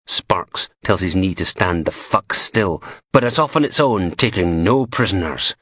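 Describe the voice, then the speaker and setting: A man's voice: deep voice, lively intonation, normal speed, fairly bright tone, no room sound, studio quality. A man narrating a crime thriller audiobook in a gritty, sardonic way.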